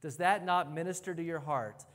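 A man preaching a sermon as pastor, emphatic, with pauses and repeated phrases, recorded in a church sanctuary. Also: high-pitched, expressive, in a large hall.

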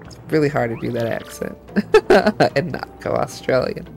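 Brief: relaxed giggly woman streamer, lively pitch, faint music. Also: normal speed, creaky. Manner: giggly, chatty. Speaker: gaming channel host. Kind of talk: casual let's-play commentary.

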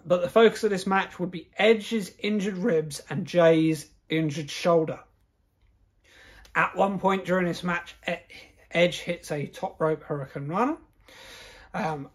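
A man hosting a wrestling podcast, recapping the show alone while recovering from illness, mumbling and tripping over his words. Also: high-pitched. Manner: stumbling over words, restarting names.

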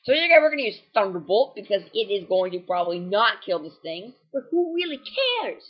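A young man giving casual, rambling gameplay commentary, full of fillers and self-corrections, quick to get excitable, and prone to sudden voice cracks. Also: high voice, husky, highs cut off. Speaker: game walkthrough commentator.

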